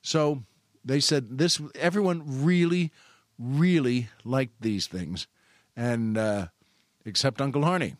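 A man telling a long personal anecdote in a rambling, halting way, repeating himself and correcting mid-sentence. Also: mid-range voice, dry recording, clean studio sound. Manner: repetitive, halting, self-correcting. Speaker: storyteller.

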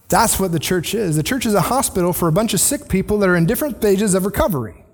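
A man's voice: high voice, expressive, quick pace, few pauses. A male pastor preaching a conversational sermon in a church, often restarting his sentences and acting out quoted voices. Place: church sanctuary.

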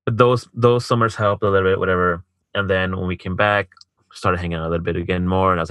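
Deep-voiced man telling a story. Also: fairly even intonation, quick pace, a bit bright, smooth, no room sound. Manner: profane, heavy use of filler "like"; acts out quoted dialogue. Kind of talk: casual storytelling chat.

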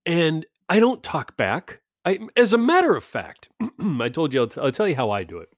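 A man's voice: fairly high pitch, sing-song, normal speed, no room sound, clean studio sound. A man in a casual rambling monologue, ranting and self-deprecating, swearing often.

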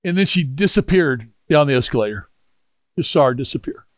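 A middle-aged man preaching a storytelling sermon, animated and rambling with frequent restarts, moving into prayer. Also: medium pitch, fairly quick, no echo, studio quality. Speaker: pastor.

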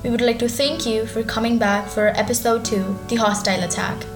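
A woman narrating a scripted audio drama and greeting listeners in a soft, even storytelling voice. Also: on the high side, fairly quick, roomy sound, over music. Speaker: narrator and co-host.

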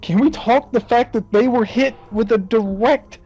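A man's voice: very high-pitched, moderate pace, a little mellow, dull audio, faint music behind. A man on a podcast ranting in disbelief about a movie's plot, swearing freely. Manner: profane, incredulous ranting. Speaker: podcast co-host. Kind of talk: casual movie recap chat.

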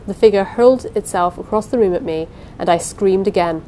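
A woman's voice: mid-range voice, brisk, dark tone, low-quality recording. A woman narrating a first-person story aloud, reading in a dramatic, suspenseful way. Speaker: audiobook narrator.

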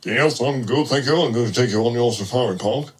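A man's voice: mid-range voice, brisk, husky, close to an everyday voice. A man voicing a polite safari driver with a weird voice. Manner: soft, slightly odd delivery.

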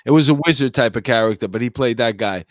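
A man's voice: medium pitch, fast talker, no room sound, studio quality. A man with a New York accent, a comedian co-hosting a podcast, telling stories and cracking jokes in casual chat. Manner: joking, wisecracking storyteller. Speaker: co-host and comedian.

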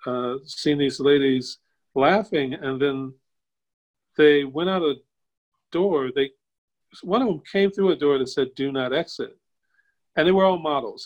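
An older man, a guest on a video call, tells a personal story in a casual way. He acts out the quoted voices with sudden jumps up in pitch and chuckles as he goes. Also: poor audio. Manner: chuckles while telling. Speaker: interview guest.

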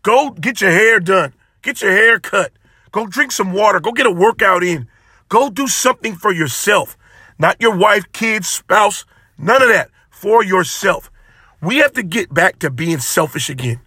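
A man hosts his solo podcast with a high, bright voice, pressing his points with passion and repeating phrases like a sermon. The sound is dry and close, with no room around it. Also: animated, a little slow, breathy edge, no room sound. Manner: impassioned, preachy, repeats phrases for emphasis. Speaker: podcast host. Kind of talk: solo motivational podcast talk.

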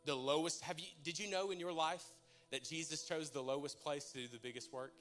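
A man's voice: fairly high pitch, a little fast, a bit bright, faint music behind. A young man preaching, telling a personal story and praying, emotional and conversational with stumbling restarts. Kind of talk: sermon with personal testimony and prayer.

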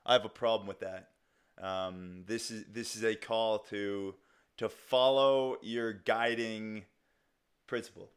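A young man talks through a solo podcast in a loose, rambling way, stopping and restarting often and dropping casual swear words. His voice is smooth and resonant and sits a little low. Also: steady tone, takes it slowly. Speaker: podcast host.

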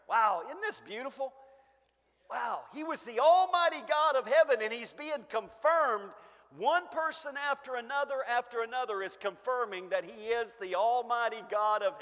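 A man preaching a sermon, emphatic, swinging between booming stresses and hushed asides. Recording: long echo of a church hall.

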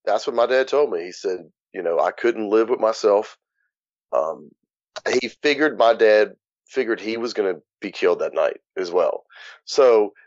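In dull, muffled podcast audio with no echo, a man with a lowish, somewhat mellow voice speaks as an interview guest. He tells his story frankly and casually, cursing and sometimes laughing at grim parts.

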